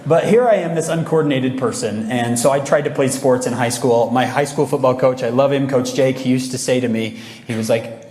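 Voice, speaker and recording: Male motivational speaker, lively storyteller with audience asides, long hall reverb. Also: mid-range voice, a little fast, few pauses. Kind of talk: motivational talk to a young audience. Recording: echoey large hall.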